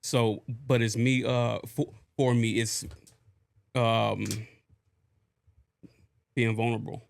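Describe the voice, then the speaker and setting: A man co-hosting a podcast, speaking in a slow, halting and reflective way. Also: medium pitch, level tone, creaky. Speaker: podcast co-host. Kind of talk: casual chat.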